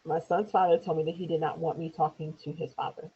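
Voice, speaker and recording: A woman, an interview guest, telling a personal story in a loose conversational way, acting out quoted speech in higher voices. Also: little pitch movement, quick pace, husky. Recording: tinny phone-like lo-fi audio.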